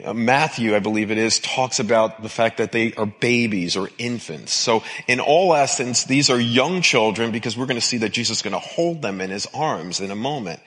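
A man preaching a sermon as pastor, with emphatic repetition and an expressive delivery. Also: medium pitch, normal speed, few pauses.

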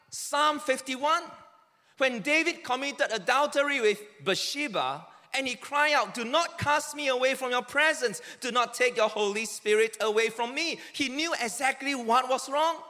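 A man's voice: very high voice, unhurried, sharp tone. A man preaching a sermon earnestly, with emphatic, dramatic quoted cries. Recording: long reverb of a large hall.

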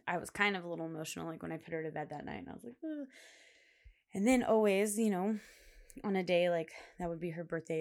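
A woman in her late twenties hosts her own podcast, talking casually and at length in a rambling, filler-heavy way. Her voice sits a little low and carries a gravelly fry. It sounds like relaxed, unscripted chat. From Pacific Northwest US. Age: 20s. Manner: chatty, rambling, lots of "like" fillers. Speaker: podcast host.

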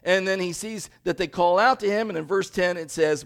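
Brief: male pastor preaching, lively and talky, voice sits a bit high. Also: a little fast, gravelly. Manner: animated, conversational, asks the congregation questions. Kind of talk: sermon.

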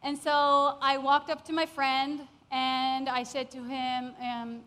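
High-pitched woman spinning a funny story, acts out all the quotes, laughs a lot. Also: little pitch movement, slow, fairly bright tone. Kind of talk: personal story told to an audience.

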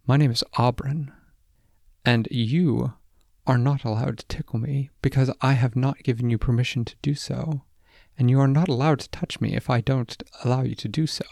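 A man's voice: medium pitch, steady tone, moderate pace, gravelly, darkish tone, no echo, close to an everyday voice. Man doing a firm young woman traveler. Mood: matter-of-fact. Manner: firm and matter-of-fact.

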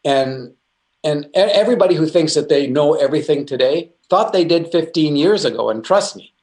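A man's voice: on the high side, expressive, normal speed, a little mellow. A middle-aged man teaching about faith in an earnest, conversational way, full of restarts and asides. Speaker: Christian speaker.

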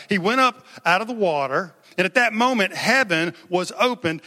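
A man's voice: a little high, pushed and bright. A male pastor preaching a sermon in an emphatic, conversational way, calling on the congregation to respond. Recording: long hall reverb.

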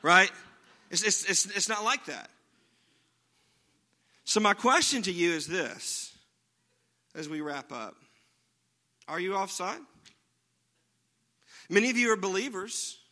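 A man's voice: sits high, expressive, slow pace, pauses often, sharp tone. A man preaching a sermon in a conversational way, often checking in with his listeners by asking "right?". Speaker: pastor.

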